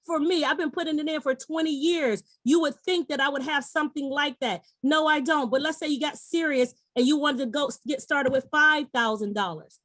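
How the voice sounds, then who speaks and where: A woman's voice: high-pitched, fairly quick, fairly bright tone, dry recording. A middle-aged woman presenting an investment webinar over a video call, upbeat and coaxing, addressing her audience directly. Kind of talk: persuasive sales pitch.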